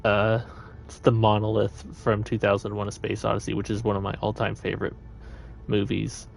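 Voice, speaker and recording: A man's voice: fairly low pitch, completely flat delivery, normal speed, vocal fry, faint music behind. A man chatting his way through a live gameplay stream, meandering and thinking aloud.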